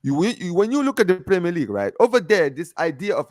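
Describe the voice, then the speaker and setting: A man co-hosting a casual football debate over an online call, animated and emphatic, often asking if you understand what he's saying. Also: sits high, fast, few pauses, no room sound, clean studio sound. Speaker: football podcast co-host. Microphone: home mic over internet call.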